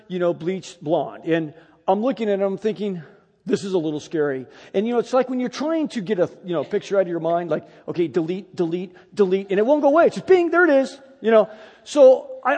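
A middle-aged man preaching a sermon, telling a personal story with animated, emphatic delivery. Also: sits high, big-room sound. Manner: animated storytelling, rising to loud emphatic peaks.

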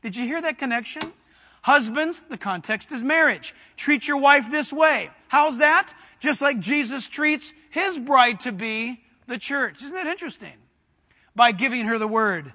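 A male preacher with a very high, bright voice that rings through a long hall reverb. He presses his congregation with direct questions and climbs into fervent shouting. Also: lively intonation, a little slow. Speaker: pastor. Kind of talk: sermon.

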